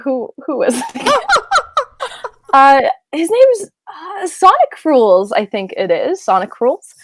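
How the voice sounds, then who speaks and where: A woman voice actress, appearing as an interview guest, chats in a high, very animated voice at a slow pace. She's giggly and rambling, drifting into tangents from her home closet booth, with no room sound.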